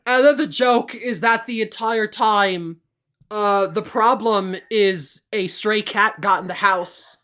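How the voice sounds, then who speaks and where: A woman's voice: medium pitch, slow pace, fairly bright tone. A woman co-hosting a podcast in casual chat, retelling a story with lots of restarts and stumbles. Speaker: podcast co-host.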